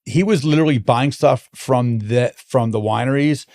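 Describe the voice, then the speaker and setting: A man being interviewed, a wine importer, tells long animated anecdotes in a casual chat, frequently restarting his sentences. His voice is medium-pitched and moderately paced.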